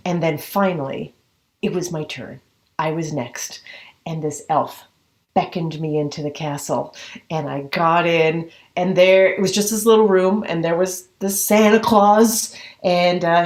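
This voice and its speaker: Comic storyteller, woman, lively and mid-pitched, does voices for her characters, video call sound. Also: unhurried, roomy sound. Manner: animated, acts out voices of child and mother.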